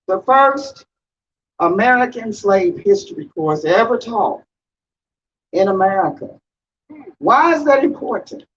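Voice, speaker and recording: A woman with a fairly high voice addresses an outdoor rally, speaking slowly and with weight, repeating her lines for emphasis. The recording is dull and lo-fi. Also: slight background noise. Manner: slow, emphatic, repeats phrases for effect. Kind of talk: impassioned rally speech with call-and-response.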